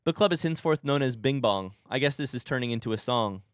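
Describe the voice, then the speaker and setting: A man in his thirties talks loosely to his stream chat, jumping between jokes and stories as he reads comments aloud. His voice is clean and smooth, at an everyday pitch. The sound is dry and close, with no room echo. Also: animated, fast talker. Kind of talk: casual live-stream chat.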